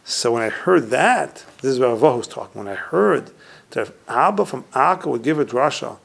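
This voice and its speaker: Male Torah teacher, gravelly mid-range voice, retells Talmud stories and often trails off quietly. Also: medium pitch, animated, moderate pace. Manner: retells Talmud stories, reciting Hebrew and Aramaic phrases and then translating. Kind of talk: recorded Torah class on humility.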